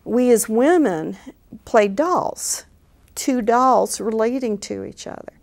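A woman's voice: a little high, takes it slowly, creaky, a little mellow. A woman guest on a podcast, reflecting in a thoughtful way and explaining her ideas. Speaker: interview guest. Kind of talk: recorded interview reflection.

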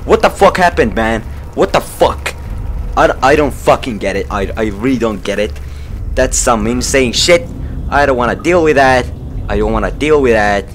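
A young man playing a horror game, swearing constantly, panicking and yelling at enemies, then muttering nervously. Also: medium pitch, lively intonation, moderate pace, a little hiss or hum. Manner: profane, jumpy, yelling in panic. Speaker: let's play gamer.

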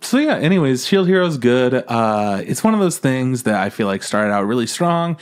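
A man's voice: medium pitch, sing-song, moderate pace, clear, resonant tone. A man co-hosting a podcast in loose, rambling chat, swearing freely and laughing often. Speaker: podcast co-host. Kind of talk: casual chat.

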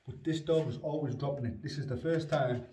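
A man's voice: a little high, a little fast, mellow. A man, explaining in a plain, rambling way how he trains his spaniel, with lots of fillers and short firm commands to the dog. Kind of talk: casual training demonstration. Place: indoors in a house hallway. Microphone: phone on the stairs, away from him. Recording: roomy, distant phone recording with faint noise.

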